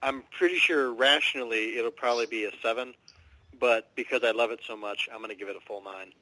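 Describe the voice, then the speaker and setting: A man's voice: mid-range voice, brisk, pushed and bright, no room sound, rough recording. A man co-hosting a podcast in casual chat, speaking with enthusiasm and emphasis. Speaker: podcast co-host.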